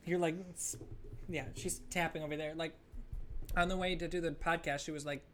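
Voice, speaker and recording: A woman's voice: deep voice, fairly quick, a little hiss or hum. A woman co-hosting a podcast in casual chat, teasing and giggly as she tells stories. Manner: teasing, giggly, animated storytelling. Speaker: podcast co-host.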